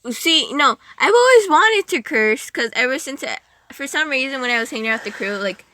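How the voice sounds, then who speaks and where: Bright, giggly young woman rambling. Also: high voice, expressive, a little fast. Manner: rambling, giggly, self-interrupting. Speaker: podcast guest. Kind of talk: casual chat.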